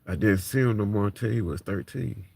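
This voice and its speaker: A man's voice: lowish voice, brisk, gravelly, a little mellow. A man in his thirties venting raw frustration and distress to the camera, emotionally worn and on the edge of tears, swearing as he talks. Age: 30s. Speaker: vlogger.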